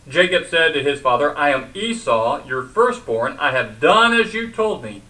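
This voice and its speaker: A man's voice: a little high, lively intonation, moderate pace, bright, forceful tone, distant mic, rough recording. A man teaching a sermon in a conversational way, asking the congregation questions and retelling scripture. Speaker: pastor.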